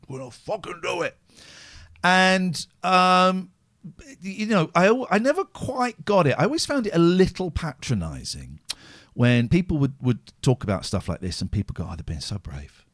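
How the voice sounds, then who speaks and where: A middle-aged man hosting a live-streamed show, talking in a raw, heavily profane, halting way with many restarts. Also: a little high, a bit bright, no echo, clean studio sound. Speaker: podcast host. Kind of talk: emotional live-stream monologue.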